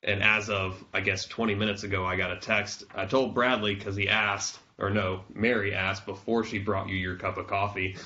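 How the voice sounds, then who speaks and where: A man hosting a podcast, hoarse and congested from a cold, chatting casually and laughing now and then. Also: on the low side, flat delivery, normal speed, hardly any pauses, sharp tone, highs cut off. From South Carolina. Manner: chatty, self-deprecating, laughs often. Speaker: podcast host.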